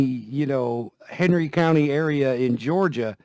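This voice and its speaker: Here a man talks slowly in a mid-range voice, offering folksy, casual tips on guitar care as a vlogger. He repeats himself along the way, with a guitar played every so often in the background.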